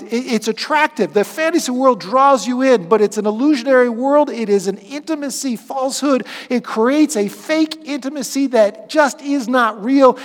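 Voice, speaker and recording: A man preaching a sermon as pastor, with dynamic delivery that swings from loud emphasis to hushed asides. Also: extremely high pitch, big-room sound.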